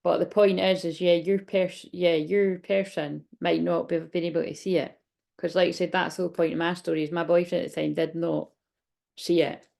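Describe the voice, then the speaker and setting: A woman's voice: fairly low pitch, little pitch movement, normal speed, gravelly, a little mellow. A woman in her late thirties doing a chatty, rambling tarot reading vlog, hiccuping and a bit out of breath. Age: 30s. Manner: rambling, chatty, many restarts. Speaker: tarot reader.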